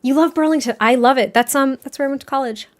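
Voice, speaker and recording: A young woman from New England, a streamer and author, chatting excitedly and casually on a livestream, reading chat aloud and swearing now and then. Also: sits high, fast talker.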